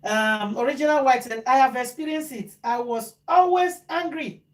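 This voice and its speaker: Animated woman, echoey room. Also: high-pitched, moderate pace. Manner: animated, repeats phrases for emphasis. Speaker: vlogger host. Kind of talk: casual talk to viewers.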